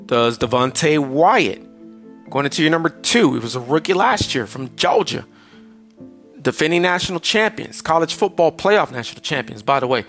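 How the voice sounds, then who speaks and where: A man hosting a solo sports podcast, grading a team's roster in an emphatic delivery that stretches some words and rattles off player stats quickly. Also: a little high, lively intonation, a bit bright, faint music behind. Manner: emphatic, drawn-out delivery with sudden rushes of stats. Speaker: podcast host.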